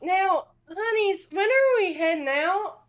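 A woman voicing a regal queen with a Southern accent who talks slowly and sweetly down to people. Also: extremely high pitch, lively intonation, voice pushed up, full character voice. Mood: sugary, prodding. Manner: slow, drawling, patronizing.

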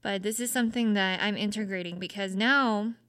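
Earnest young woman, smooth dry voice. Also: mid-range voice, a little fast, fairly bright tone, no room sound. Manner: earnest, self-searching, frequent "like" fillers. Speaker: podcast host. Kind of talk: casual reflective monologue.

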